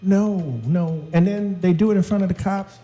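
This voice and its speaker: A middle-aged man co-hosting a casual chat show, animated and joking, acting out quotes. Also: high-pitched, normal speed, faint music behind, rough recording. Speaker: co-host.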